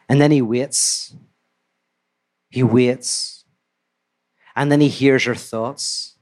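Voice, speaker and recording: A man telling a fairy tale to a live audience in a relaxed, conversational way with asides. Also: mid-range voice, extremely slow, long pauses. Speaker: storyteller. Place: live talk before an audience.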